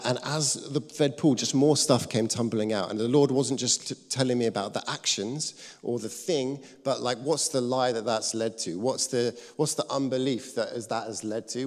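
A man preaching a sermon, telling a personal story, lively when acting out scenes and soft when quoting. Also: mid-range voice. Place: church hall. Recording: long reverb of a church hall.

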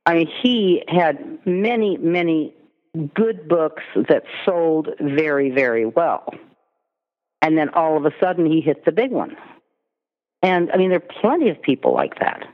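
A woman's voice: low voice, animated, measured pace. A woman, a literary agent, talking through her work in a chatty interview, full of "you know" and "I mean". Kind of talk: casual interview talk. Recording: tinny phone line with long reverb.

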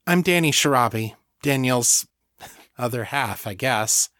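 A man voicing a friendly, guilt-ridden young woman with psychic powers, speaking softly and earnestly. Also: medium pitch, lively intonation, measured pace, no room sound, clean studio sound. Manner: soft, earnest.

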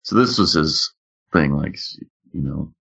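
A man's voice: rumbling low, measured pace, creaky, fairly bright tone, husky, lo-fi sound. A man in casual chat, rambling through profane stories. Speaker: podcast co-host.

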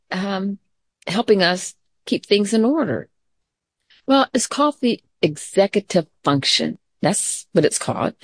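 A middle-aged woman teacher giving a gentle, calm mindfulness lesson to children, mixing story time with questions to the class. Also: mid-range voice, no room sound, clean studio sound.

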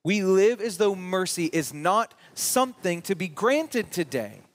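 A man preaching a sermon as pastor, with emphatic rising peaks and slow drawn-out words. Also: sits high, animated. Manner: reads scripture and quotes aloud.

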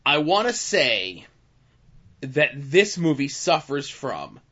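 A man co-hosting a podcast, giving a wry, measured critique in casual chat. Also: a little high, sing-song, a bit bright, slightly rough, lo-fi sound. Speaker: podcast co-host. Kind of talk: casual movie discussion.

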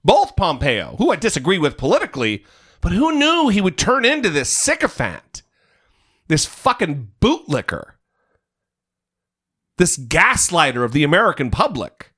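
A man's voice: sits high, wildly swooping pitch, moderate pace, sharp tone, slightly rough. A man hosting a political podcast, talking in a heated, emphatic way and cursing freely. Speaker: podcast host. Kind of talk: casual political chat.

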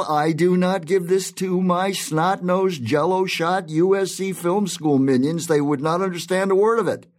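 An actor playing a brash, blustery male film producer in an audio drama, with loud outbursts and muttered asides. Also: high voice, natural voice. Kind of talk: audio drama with inner monologue.

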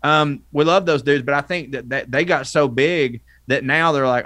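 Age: adult. Sex: man. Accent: Southern US. Style: rambling, animated podcast chat, dry close mic. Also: a little high, normal speed, no echo. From American South. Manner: rambling, animated, self-interrupting. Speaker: comedian guest.

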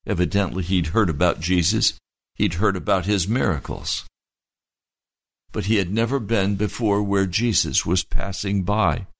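A male pastor preaching a sermon, retelling a story in deliberate short phrases. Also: low-pitched, no room sound, clean studio sound.

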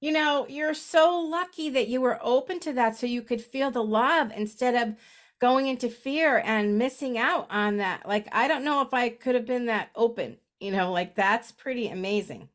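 Higher-voiced woman hosting a chat. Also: normal speed, a bit bright. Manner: short encouraging reactions. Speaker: podcast host. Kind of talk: casual interview chat.

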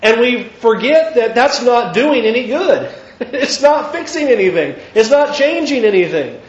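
High-voiced preacher in an echoey church. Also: male voice, very animated, a little slow. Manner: conversational, emphatic, with repeated restarts. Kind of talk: sermon. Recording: echoey room, dull lo-fi sound.

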